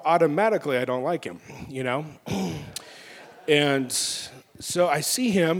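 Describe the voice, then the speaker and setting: Preacher man in a reverberant hall. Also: mid-range voice. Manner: animated storytelling, acting out his own outbursts. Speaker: pastor. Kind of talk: sermon.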